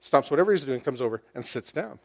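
A male pastor preaching a sermon to his congregation. He uses lively storytelling, rhetorical questions and wry humor. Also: medium pitch, quick pace, creaky. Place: church, speaking to a congregation with slides.

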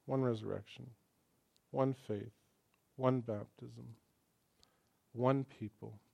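A man preaching a sermon in church in a conversational, joking way, swinging between quiet asides and emphatic lines. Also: medium pitch, steady tone, slow, gravelly, breathy edge. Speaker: pastor.

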